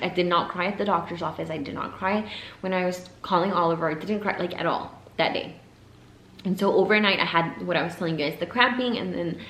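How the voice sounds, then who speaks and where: A young woman telling a personal story to her viewers, emotional and halting, her voice sometimes dropping to a whisper. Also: fairly low pitch, a little hiss or hum. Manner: emotional, pausing, voice breaking into whispers. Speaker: vlogger. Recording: echoey room, faint ambience.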